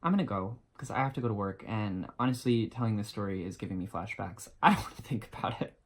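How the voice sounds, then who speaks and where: Animated, self-mocking young man vlogging. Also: lowish voice, fast. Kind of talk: storytime vlog.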